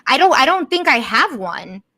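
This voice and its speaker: A chatty woman co-hosting a podcast, laughing easily as she talks. Her voice sits a little high and sounds bright and forceful. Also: sing-song, moderate pace. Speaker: podcast co-host. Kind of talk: casual chat.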